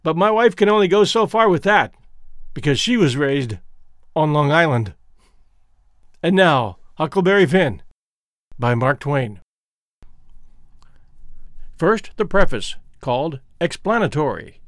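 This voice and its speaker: A man with a Midwestern accent hosting a story podcast, giving a measured, explanatory introduction and reading aloud. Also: fairly high pitch, animated, fairly bright tone, dry recording, clean studio sound. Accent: Midwestern American. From American Midwest. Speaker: podcast host and reader.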